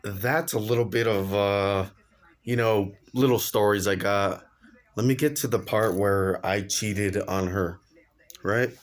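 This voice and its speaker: A man's voice: lowish voice, steady tone, unhurried. A young man casually telling a personal story on his vlog, slangy and laughing along as he goes. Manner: laid-back slangy, laughs while telling. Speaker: vlogger.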